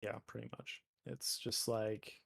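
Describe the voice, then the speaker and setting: On a live stream, a young Canadian man with a Canadian accent draws while chatting casually, joking and rambling with heavy fillers. His voice is on the low side, flat, creaky, and husky, at a measured pace.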